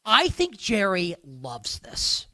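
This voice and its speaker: A man's voice: high-pitched, wildly swooping pitch, slow pace, sharp tone, no room sound, clean studio sound. A man from the northern United States hosting a sports betting show, talking casually with lots of fillers and sarcastic asides. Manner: rambling, filler-heavy, sarcastic.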